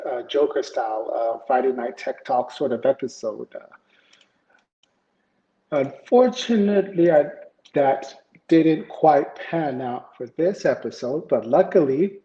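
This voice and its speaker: A man's voice: medium pitch, mellow. A man hosting a live tech show, casually chatting with viewers and reading news stories in a rambling way. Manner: rambling, chatty, greets viewers in chat, many fillers. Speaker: livestream tech show host. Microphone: home setup, iPad camera and PC. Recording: echoey room, dull lo-fi sound.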